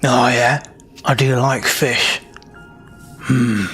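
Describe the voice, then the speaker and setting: A man's voice: mid-range voice, fairly even intonation, extremely slow, fairly bright tone, faint music behind. A man voicing a huge, tough male bugbear who bosses his bowling team around in a tabletop game. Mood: gruff.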